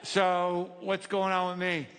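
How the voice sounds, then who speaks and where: Male stand-up comic, fairly high voice, wry and rambling, recorded live in an echoey club with audience noise. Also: completely flat delivery. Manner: wry, rambling, halting asides. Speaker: stand-up comedian. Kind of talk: stand-up routine. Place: comedy club stage.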